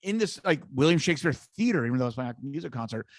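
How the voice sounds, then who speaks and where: A man's voice: medium pitch, fast, dry recording. A man co-hosting a podcast, telling a rambling anecdote with profanity and self-amused laughs. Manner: animated storyteller, swears, laughs at himself. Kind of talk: casual storytelling.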